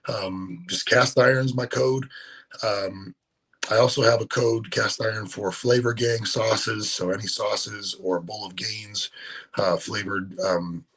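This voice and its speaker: A man who coaches bodybuilding, answering interview questions in a relaxed, halting way with frequent ums. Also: lowish voice, slightly rough, rough recording. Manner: relaxed, hesitant, many ums and restarts.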